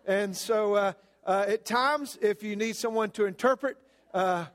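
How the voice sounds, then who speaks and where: A man's voice: high voice, measured pace, fairly bright tone. A man with a Southern US accent preaching as a guest pastor, folksy and full of fillers, telling a humorous story in a sermon. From American South. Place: church sanctuary. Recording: long reverb of a church hall.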